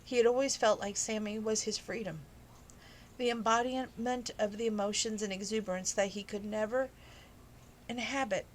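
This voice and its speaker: Woman, informal read-aloud, romance novel, emotional, personal asides, mid pitch, faint background ambience. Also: fairly even intonation, moderate pace, a little hiss or hum, poor audio. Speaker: audiobook reader.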